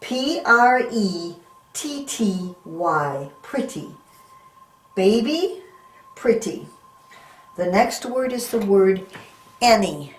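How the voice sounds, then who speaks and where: A woman's voice: mid-range voice, expressive, extremely slow, long pauses. A woman teaching a phonics lesson to young children, sounding words out letter by letter and coaxing them with questions. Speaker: reading teacher. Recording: echoey room.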